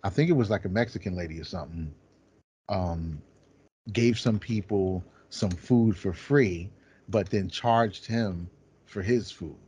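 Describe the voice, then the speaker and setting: A man in casual podcast chat, animated and profane, acting out quotes as he tells stories. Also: low-pitched, unhurried, a little hiss or hum.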